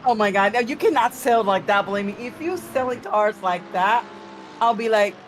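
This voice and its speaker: A middle-aged woman, a native Spanish speaker with a Spanish accent, chats animatedly as a race co-commentator, often breaking into exclamations. Her voice sits in an ordinary middle pitch. Light noise hangs behind her. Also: normal speed, rough recording. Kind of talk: casual chat on a race stream.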